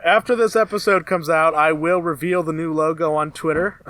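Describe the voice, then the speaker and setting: Male podcast co-host, high voice, dry close sound, loose announcing style. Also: fairly even intonation, moderate pace, fairly bright tone, no room sound. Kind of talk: casual chat.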